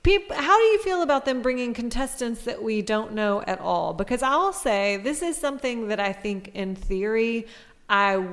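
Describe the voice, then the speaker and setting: A woman with a slightly higher voice, co-hosting a chatty podcast. She speaks her mind bluntly and with wry humor. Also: animated, normal speed, a bit bright, big-room sound. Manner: candid, opinionated, wry. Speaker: podcast co-host. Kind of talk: casual chat.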